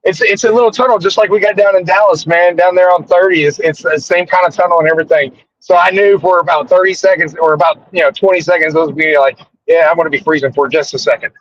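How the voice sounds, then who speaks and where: A man joining a fan podcast remotely while on the move, relaxed and easygoing. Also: high-pitched, quick pace, few pauses, no room sound. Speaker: podcast guest. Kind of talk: casual fan podcast chat. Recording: dull lo-fi call audio with faint noise.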